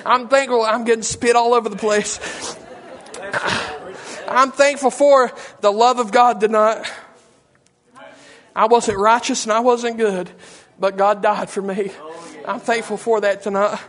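A man's voice: sits high, little pitch movement, unhurried, long pauses. A man preaching an impassioned, repetitive, emotional sermon. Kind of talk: fervent sermon.

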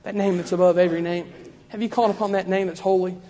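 In a church, a male preacher gives a revival-style sermon, his fervent cadence looping back to the same phrases. His voice is high for a man and mellow, with a flat delivery and a quick pace. A long reverb from the hall trails behind his words.

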